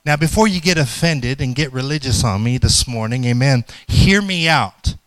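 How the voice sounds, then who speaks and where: A middle-aged man, a pastor with grown-up daughters, preaching a sermon; he tells a joke as a story and then reads scripture, slowing down for emphasis. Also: mid-range voice, animated, fairly bright tone, dry recording.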